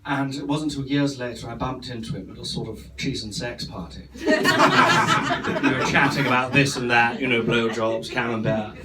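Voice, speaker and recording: A man performing live stand-up character comedy as a vain, rambling older female stage actress, self-absorbed and theatrical with deadpan asides. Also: medium pitch, normal speed, few pauses, crowd noise, natural voice. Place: comedy club stage before a live audience. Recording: distant mic, loud room noise.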